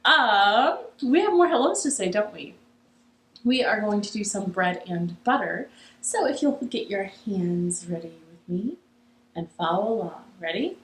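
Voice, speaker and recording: A woman's voice: mid-range voice, big pitch swings, unhurried, roomy sound, a little hiss or hum, poor audio. A young woman hosting a children's library storytime from her living room, cheerful and encouraging, leading songs and games. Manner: cheerful, encouraging, sing-song.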